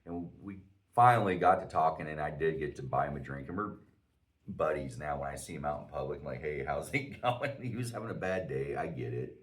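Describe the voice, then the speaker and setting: A man's voice: extremely low pitch, lively intonation, brisk, far from the mic. A man in his forties, a podcast host, telling a profane, self-mocking story in casual chat.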